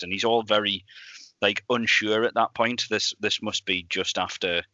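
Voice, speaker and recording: A man co-hosting a podcast in a casual, animated way, laughing often and restarting his sentences. His voice sits a little low but sounds bright and forceful. The recording is dry and dull, lacking top end. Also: moderate pace, no room sound. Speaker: podcast co-host. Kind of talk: casual chat.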